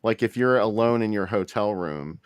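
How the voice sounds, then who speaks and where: A man's voice: on the low side, normal speed, smooth, no room sound. A man co-hosting a show, dropping dry teasing one-liners. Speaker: co-host. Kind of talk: casual banter.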